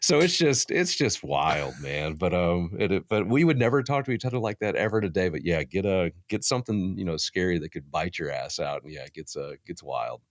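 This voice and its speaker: A man in his thirties, a podcast guest telling stories in casual chat, animated and profane. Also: low-pitched, fairly quick, hardly any pauses, no room sound, studio quality. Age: 30s.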